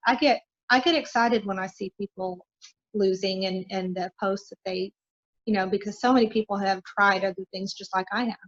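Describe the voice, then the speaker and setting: In a casual podcast interview, the guest is a middle-aged woman whose earnest, encouraging talk is full of fillers. She has a mid-range voice, and the recording's highs are cut off.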